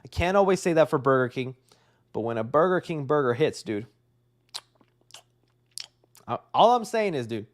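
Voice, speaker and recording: High-voiced excitable young man. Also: moderate pace, pauses often. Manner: rambling and excitable, says dude often. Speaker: host of a live movie news show. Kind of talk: casual livestream chat.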